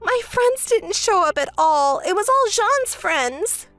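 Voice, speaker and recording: A woman's voice: extremely high pitch, sing-song, slow pace, fairly bright tone, no room sound, soft background music, voice pushed up, exaggerated voice. A woman voicing a whiny younger woman who begs and complains in a dramatized texting story. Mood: complaining. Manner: desperate and begging.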